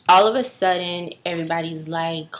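A young woman in her early twenties vlogs to camera in an easygoing, rambling way, piling up fillers and side remarks. Her voice sits noticeably low. A faint hiss runs under the recording. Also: normal speed, fairly bright tone. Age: early 20s. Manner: chatty, rambling with many fillers and asides. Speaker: vlogger. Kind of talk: casual chat to camera.

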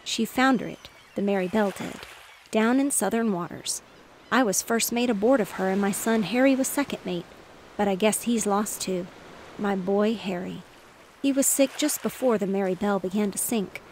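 A woman's voice: mid-range voice, slight background noise, natural voice, low-quality recording. A woman reading aloud, voicing a weak, injured old male sailor who talks in a faltering, dazed way.

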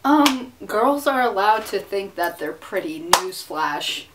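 Exasperated young woman ranting, swinging pitch. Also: expressive, takes it slowly. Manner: exasperated, profane, sarcastic. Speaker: vlogger. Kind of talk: casual rant to camera. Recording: distant mic with faint noise.

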